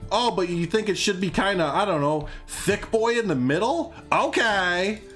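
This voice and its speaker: A Southern-accented man streams a game with live commentary, rambling, chuckling and poking fun at himself. His voice sits high and animated at a normal speed, with soft music in the background.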